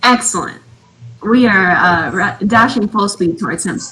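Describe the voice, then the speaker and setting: A woman's voice: medium pitch, lively intonation, a little slow, bright, forceful tone, rough recording. A woman playing a tabletop game, giggling between her lines. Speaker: player.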